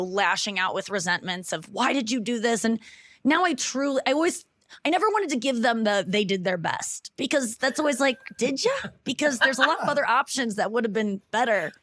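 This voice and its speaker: A woman's voice: mid-range voice, a bit bright, no room sound. Reflective woman in a dry recording. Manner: reflective, halting, self-correcting. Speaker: guest. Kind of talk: candid personal talk.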